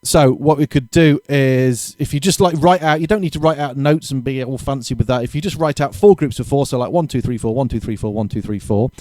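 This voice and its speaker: A man's voice: medium pitch, brisk, few pauses, darkish tone, dry recording. A man giving a casual drum lesson, thinking aloud and correcting himself as he explains exercises. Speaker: drum teacher.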